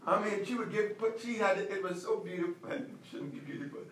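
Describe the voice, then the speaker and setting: A male pastor preaching a sermon, emphatic, repeating commands and slowing down to stress them. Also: sits high, steady tone, fairly bright tone, reverberant, distant mic, slight background noise, rough recording.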